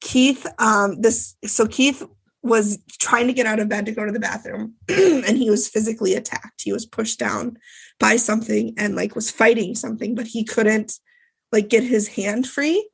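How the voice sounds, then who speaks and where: Woman co-host, casual recap chat, gravelly edge, loose and profane. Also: fairly high pitch, normal speed. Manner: chatty, swears freely, lots of fillers. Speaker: podcast co-host.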